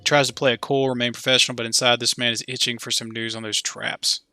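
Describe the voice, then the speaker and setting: A let's play host reading a detective game's dialogue aloud and breaking off for chatty asides. His voice is flat in melody and strongly bright and tense. The mic sounds close and dry. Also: medium pitch, fast talker, dry recording, soft background music. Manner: chatty asides between read lines.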